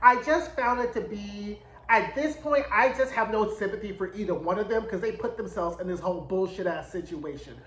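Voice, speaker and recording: A man's voice: sits high, moderate pace, few pauses, a bit bright. A man giving a casual, blunt, profanity-laced recap and review of a TV episode, full of sassy asides. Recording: roomy echo.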